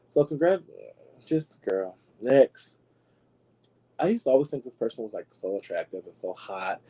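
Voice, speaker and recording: A man hosting a talk show, gossiping in a sassy, animated way and talking straight to his listeners. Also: fairly low pitch, husky, poor audio. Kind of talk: casual gossip commentary.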